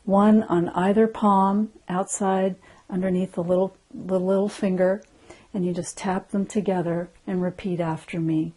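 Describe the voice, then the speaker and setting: A middle-aged woman gently guiding listeners through an emotional tapping session, speaking slowly and softly. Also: mid-range voice, steady tone. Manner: gentle, slow and soothing, often soft and hushed. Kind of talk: guided EFT tapping session.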